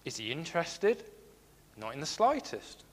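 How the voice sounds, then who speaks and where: A man's voice: a little high, big pitch swings, moderate pace, in a large hall. A man giving a sermon, earnest and repeating his key phrases as he reads scripture aloud. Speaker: preacher.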